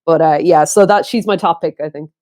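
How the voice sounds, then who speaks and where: A woman's voice: deep voice, a little fast, a little mellow. A woman with an Irish accent, a guest on a podcast, chatting casually with lots of "like" and "um". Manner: chatty, with frequent "like" and "um" fillers. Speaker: podcast guest, brow artist. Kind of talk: casual chat.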